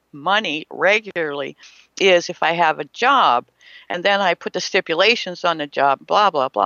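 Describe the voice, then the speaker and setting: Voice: mid-range voice, creaky, sharp tone, no room sound. A spiritual teacher giving an emphatic motivational talk, asking rhetorical questions and acting out imagined people. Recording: slightly muffled, dry.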